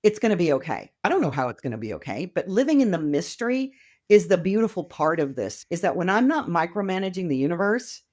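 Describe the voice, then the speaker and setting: Middle-aged woman on a podcast, lively and chatty, acts out quotes, pitch jumps around a lot. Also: fast. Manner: animated, acts out quoted voices, enthusiastic. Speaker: podcast guest, wealth mentor. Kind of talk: casual conversational interview.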